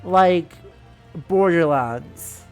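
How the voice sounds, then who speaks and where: A woman's voice: fairly low pitch, drawn-out words, faint music behind. A woman streamer talking casually while playing a game, in a chatty, rambling way that keeps correcting itself. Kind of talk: casual gaming stream commentary.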